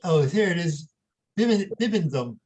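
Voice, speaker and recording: A man's voice: fairly high pitch, lively intonation, normal speed, a little mellow, husky, rough recording. A man on a panel reading lot descriptions aloud in a plain, matter-of-fact way.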